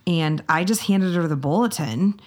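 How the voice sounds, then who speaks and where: A woman's voice: on the low side, moderate pace. A woman in her forties co-hosting a podcast, telling family stories in a casual chat and laughing easily. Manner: laughs easily, lively retelling. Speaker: podcast co-host.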